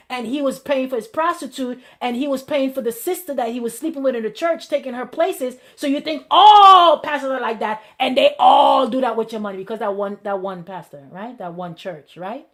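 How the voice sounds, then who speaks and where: A woman pastor giving a conversational sermon as host of her show, lively and repetitive, acting out the people she quotes. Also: high voice, a little fast, few pauses.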